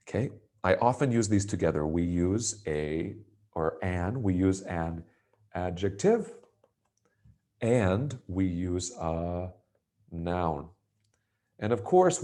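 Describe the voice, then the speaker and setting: A man from the United States teaches English grammar in an easygoing way, often tagging his points with "right?". His voice sits low and dark, and he takes his time. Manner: relaxed, repeats "right?" after points. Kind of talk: grammar lesson.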